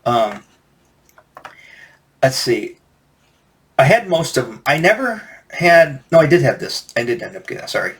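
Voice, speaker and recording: A man's voice: medium pitch, brisk, creaky, a bit bright. A man in his forties, the host, telling rambling stories about childhood toys and often correcting himself as he goes. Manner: rambling, self-correcting storytelling. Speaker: toy collector host. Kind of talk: casual reminiscing vlog.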